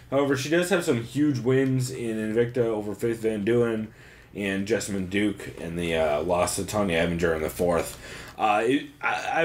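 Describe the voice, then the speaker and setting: A man co-hosting a podcast, breaking down fight cards in a loose, profane, joking way and laughing often. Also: mid-range voice. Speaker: podcast co-host. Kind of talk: casual chat, fight breakdown.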